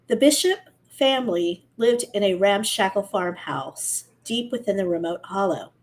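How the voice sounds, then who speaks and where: A woman's voice: medium pitch, expressive, moderate pace, low-quality recording. A woman co-hosting a podcast, reading a story aloud casually and steadily, now and then correcting herself.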